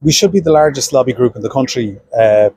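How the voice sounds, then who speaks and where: Middle-aged man, Irish accent, husky voice, earnest, halting speech with many restarts, interview. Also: medium pitch, lively intonation, dark tone, dry recording, low-quality recording. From Ireland. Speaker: senator. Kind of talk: political interview.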